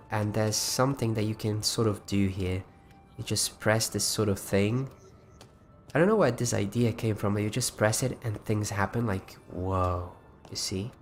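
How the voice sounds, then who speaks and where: Chatty man rambling on a livestream. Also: lowish voice. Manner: rambling, chatty, frequent restarts. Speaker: livestream host. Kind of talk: casual livestream chat.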